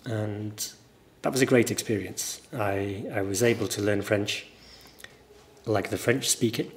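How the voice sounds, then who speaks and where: A man with a mild northern English accent, a teacher giving a relaxed guest interview and telling stories thoughtfully at length. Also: lowish voice, a little slow, slight background noise. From northern England. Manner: thoughtful, anecdotal, explains at length.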